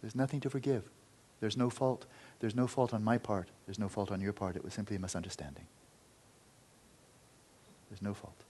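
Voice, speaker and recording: A man voicing a calm, forgiving dying monk. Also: lowish voice, moderate pace, a little hiss or hum, close to an everyday voice. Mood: serene. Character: serene dying old male monk.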